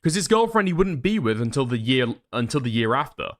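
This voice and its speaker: A man commenting live on stream as he reads through screenshots. He swears freely and thinks out loud, often second-guessing himself. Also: mid-range voice, very animated, brisk.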